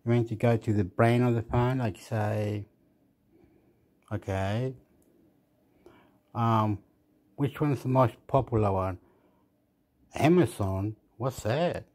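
A man who lives in Australia casually reviewing a phone, rambling and thinking aloud with many pauses. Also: medium pitch, a little mellow. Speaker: vlogger.

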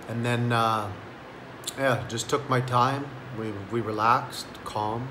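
A man's voice: medium pitch, steady tone, slow pace, reverberant, background noise. A man telling a story in a casual vlog, laid-back and rambling, with lots of "like". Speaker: vlogger.

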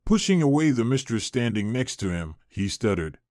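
A man reading a scripted story aloud in a steady, even manner. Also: mid-range voice, normal speed, hardly any pauses, no room sound, clean studio sound.

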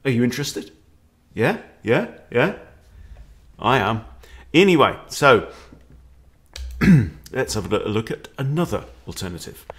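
Playful, animated chess coach. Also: male voice, mid-range voice, unhurried. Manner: playful, animated, jokey with exclamations. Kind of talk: chess lesson walkthrough.

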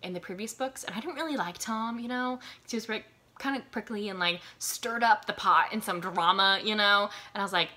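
A woman of twenty-two recommending books in a rambling casual chat, full of "like" and "um" and quick laughs. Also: medium pitch, pushed and bright. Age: 22, college student. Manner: rambling, lots of "like" and "um", frequent laughs. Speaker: book reviewer. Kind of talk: casual chatty book recommendations.

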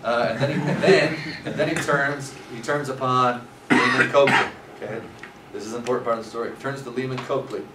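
A man's voice: mid-range voice, fairly even intonation, brisk, hardly any pauses. Guy teaching a scripture class, chatty storyteller, echoey room, mic far off, some background noise. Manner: conversational storytelling with fillers. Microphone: far from speaker. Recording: roomy, distant, noisy room.

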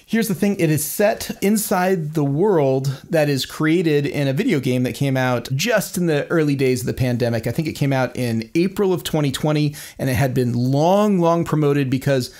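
A man's voice: on the high side, moderate pace, few pauses, a little mellow. A man co-hosting a podcast in loose casual chat, using lots of fillers like "uh" and "you know," hedging and drawing out his points. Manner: loose, filler-heavy, hedging, stretches words. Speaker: podcast co-host.

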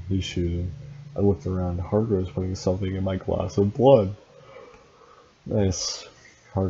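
Deep, flat-voiced deadpan man. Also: muffled recording, a little hiss or hum. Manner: deadpan, dryly mocking. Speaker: reader and commentator. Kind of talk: comedic reading with sarcastic asides.

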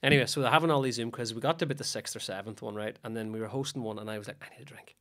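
A man's voice: mid-range voice, fairly even intonation, fairly bright tone. A man, a broadcaster guest telling stories in a casual podcast chat and acting out his own quotes. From Northern Ireland. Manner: rapid storyteller who acts out his own quotes.

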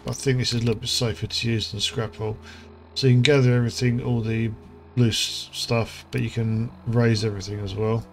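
A gaming channel host with a medium-pitched, flat voice talks fairly quickly through casual gameplay commentary, rambling with plenty of fillers and asides while music plays underneath.

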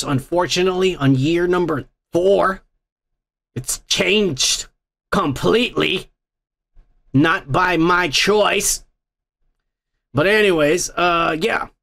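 A man's voice: high voice, sharp tone. A man hosting a casual livestream, reading chat messages aloud in a blunt, profane, rambling way while drinking. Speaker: host.

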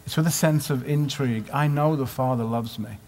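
A man's voice: medium pitch, a little fast, a little mellow, slight background noise. A man preaching at a conference in a conversational way, asking many rhetorical questions. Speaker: conference speaker. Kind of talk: sermon. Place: conference hall. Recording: live hall with long reverb.

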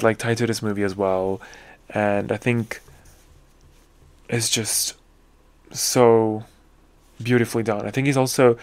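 A young man with a slightly low voice hosts his own podcast, chatting loosely about music he loves. He gushes with casual slang and leans on fillers as he thinks aloud. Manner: enthusiastic, full of fillers and slang. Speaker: podcast host. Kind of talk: casual music review monologue.

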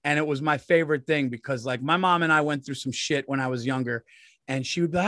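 A man's voice: on the high side, quick pace, sharp tone, no echo, clean studio sound. Foul-mouthed man in his forties. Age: 40s. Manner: profane, rambling storyteller. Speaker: comedian co-host. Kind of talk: casual podcast chat.

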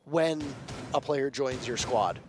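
A man calling an esports match play by play, excitable and rising to shouts on big plays. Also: medium pitch, slow, background noise. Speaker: esports commentator. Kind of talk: play-by-play commentary.

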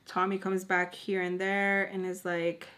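A young woman in her twenties telling a personal story while doing her makeup, chatty and animated, filling her speech with "like" and acting out the people she quotes. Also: fairly low pitch, unhurried. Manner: animated, lots of filler "like", acts out quoted people. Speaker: beauty vlogger.

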